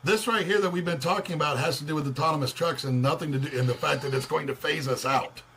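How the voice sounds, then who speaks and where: A man's voice: a little high, fast, sharp tone, a little hiss or hum. A man in a heated casual debate who cuts in insistently to make his point.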